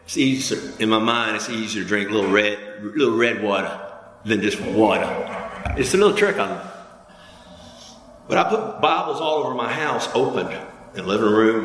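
A man's voice: moderate pace, a bit bright. A man preaching a sermon in a casual, conversational way, leading the congregation in call-and-response. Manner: conversational preaching with call-and-response, pitch climbing high when fired up. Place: church hall. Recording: echoey hall with long reverb.

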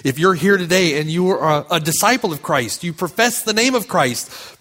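A man's voice: sits high, lively intonation, moderate pace, hardly any pauses, a bit bright. A man preaching a sermon as pastor, speaking with impassioned, building emphasis.

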